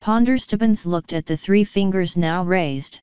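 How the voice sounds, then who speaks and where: A woman's voice: on the low side, unhurried, a little mellow, smooth, dry recording, lo-fi sound. A woman narrating an audiobook, reading every character herself with small shifts of voice. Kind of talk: scripted narration.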